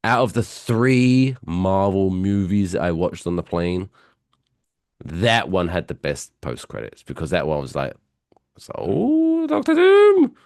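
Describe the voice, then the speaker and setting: Gravelly low man, dry quips. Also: dry recording. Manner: dry, blunt opinions, quick quips. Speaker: podcast co-host. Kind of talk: casual chat.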